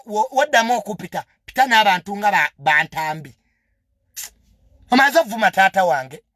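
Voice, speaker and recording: High, animated Ugandan man ranting. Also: no room sound, clean studio sound. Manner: defiant, indignant ranting; mixes two languages. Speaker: media personality. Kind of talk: heated monologue.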